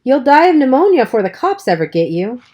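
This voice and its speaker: A woman's voice: medium pitch, animated, normal speed, darkish tone, lo-fi sound, natural voice. A woman voicing a tough, cocky teenage boy hood with a brash, offhand manner, reading an audiobook. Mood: exclaiming.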